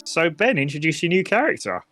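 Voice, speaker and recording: Lively game master man. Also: a little high, fairly quick, faint music behind. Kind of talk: narrating a tabletop game.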